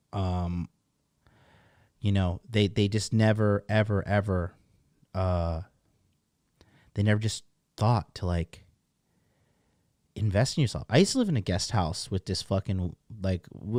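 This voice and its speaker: Low-voiced man ranting bluntly. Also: moderate pace, pauses often, darkish tone, dry recording, studio quality. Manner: blunt, heavy swearing, rambling asides. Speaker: dating coach host. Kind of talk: casual profane rant to camera. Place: seated at a desk, indoors.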